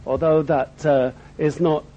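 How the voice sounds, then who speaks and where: A man's voice: fairly high pitch, steady tone, a little slow, mellow. A middle-aged man with an Oxfordshire accent giving a humorous after-dinner testimony talk, with frequent ums. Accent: Oxfordshire English. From Berkshire, England. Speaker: speaker at a dinner. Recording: dull lo-fi recording.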